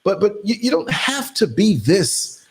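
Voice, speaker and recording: A middle-aged man from New York City hosts a podcast in an easygoing chat. His voice sits a little high and rises and falls widely. He slips into the voices of the people in his stories as he tells them. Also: a little slow. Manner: animated storyteller, acts out quoted voices. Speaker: podcast host. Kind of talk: casual conversation.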